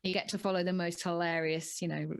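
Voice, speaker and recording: A woman's voice: lowish voice, level tone, fast talker, smooth. A woman in her thirties or forties co-hosting a running podcast, chatting casually and laughing often. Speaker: podcast co-host. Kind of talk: casual chat.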